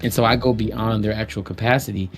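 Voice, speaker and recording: A man's voice: lowish voice, fairly even intonation, a little fast, faint music behind. A man co-hosting a podcast, speaking in an earnest, reflective way about his own views. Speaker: co-host. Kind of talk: casual podcast chat.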